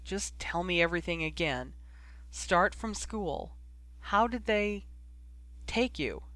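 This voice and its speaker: A man's voice: sits high, expressive, slow pace, bright, forceful tone, dry recording, full character voice. A man voicing a tearful, pleading young witch. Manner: pleading, choked with tears.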